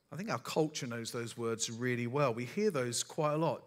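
A man's voice: mid-range voice, normal speed, few pauses. A man as the preacher, giving a sermon and telling stories with dry, self-deprecating humour. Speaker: pastor.

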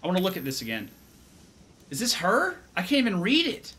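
A man's voice: sits high, huge pitch swings, brisk, bright, forceful tone, a little hiss or hum. A young man commenting on a horror game as he plays, jumpy and swearing and talking to himself. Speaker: gaming YouTuber. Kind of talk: let's play commentary.

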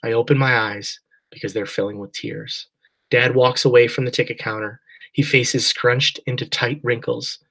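A man reading a first-person audiobook narration in a quiet, inward, mournful way. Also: mid-range voice, fairly even intonation, moderate pace, poor audio.

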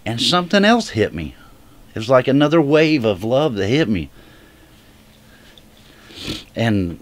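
A man giving an emotional personal religious testimony straight to viewers. He speaks earnestly and haltingly, often restarting his sentences. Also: mid-range voice, very animated, no echo. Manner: earnest direct appeal to viewers. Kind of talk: heartfelt personal testimony to camera.

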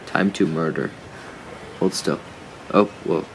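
A man's voice: deep voice, steady tone, slow pace, noisy background. A young man giving casual, rambling commentary while he plays, chatting to his viewers and to the animals in the game. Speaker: gaming YouTuber.

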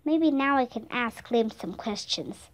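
Woman voicing an anxious young boy in a storybook, questioning, high and slow. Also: animated. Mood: worried.

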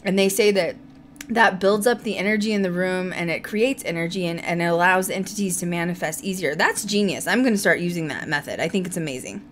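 A young woman hosting a casual podcast chat, telling stories in an animated, giggly way. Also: fairly low pitch, a little fast, a little hiss or hum. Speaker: podcast host.

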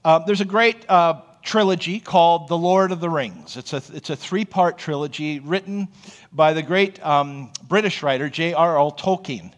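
A man's voice: fairly high pitch, moderate pace. A man who is a pastor, preaching a sermon in a conversational, storytelling way and often checking in with the congregation. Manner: storytelling, animated.

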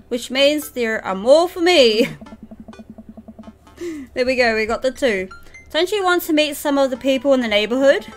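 A young woman streaming a game live, reading its dialogue aloud and laughing often as she chats with viewers. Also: a little high. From New Zealand. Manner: giggly, chatty with viewers, reads game lines in a playful voice.

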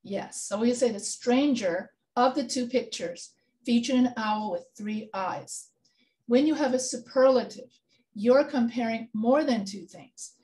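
A woman's voice: a little high, unhurried, mellow. A woman teaching a grammar lesson in an online class, explaining rules step by step and checking in with her students. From Texas. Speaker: writing instructor.

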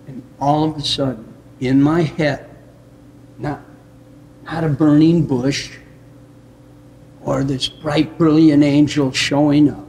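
Male pastor from the US Upper Midwest; reflective, unhurried testimony with soft chuckles. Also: fairly high pitch, fairly even intonation, a little hiss or hum. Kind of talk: personal testimony in conversation.

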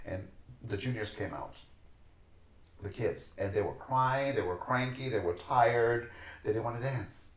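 Speaking at a measured pace, a man with a medium-pitched voice is recorded poorly in an echoey room. He dances and teaches, and on this podcast he tells stories with animated passion, performing the voices of the people in them.

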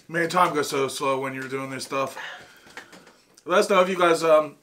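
A man's voice: fairly high pitch, a little slow, bright, forceful tone, a little hiss or hum. A man with an Ohio accent chatting casually on a food challenge vlog while gasping and groaning through burning heat. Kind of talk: casual chat.

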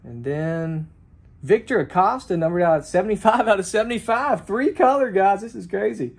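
A man giving excited pack-opening commentary with a high, lively voice. His pitch leaps around as he bursts into exclamations at each card, then settles into quick remarks about what he pulled. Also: gravelly, husky. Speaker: card collector opening packs.

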